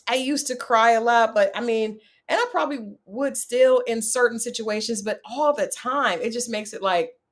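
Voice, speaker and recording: A woman hosting a casual reality-show recap, chatty and opinionated, talking straight to her viewers. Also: medium pitch. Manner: chatty, opinionated, talks to viewers, animated asides. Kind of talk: casual chat.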